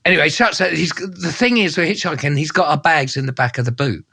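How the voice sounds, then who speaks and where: A man, a travel presenter telling a story in casual, slangy, animated style. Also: on the high side, a little fast, vocal fry, breathy edge. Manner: animated, slangy, acts out voices and sounds. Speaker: travel presenter and podcast co-host.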